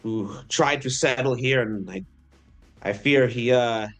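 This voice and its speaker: A man's voice: medium pitch, measured pace, a bit bright, soft background music, close to an everyday voice. A man voicing a grateful German inventor and family father, in a German accent. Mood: earnest. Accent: German, put on. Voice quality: formal, effusive, earnest.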